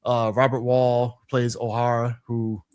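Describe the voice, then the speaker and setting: A man's voice: medium pitch, little pitch movement, unhurried, a little mellow, clear, resonant tone, no room sound, studio quality. Blunt, profane man in podcast banter. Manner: blunt, profane, laughs often, interrupts. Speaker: podcast co-host. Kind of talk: casual chat.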